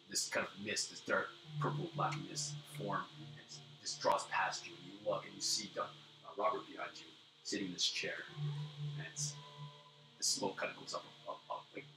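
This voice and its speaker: A man narrating a tabletop game as game master, loose and descriptive, with fillers. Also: low voice. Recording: roomy room, distant mic, background music.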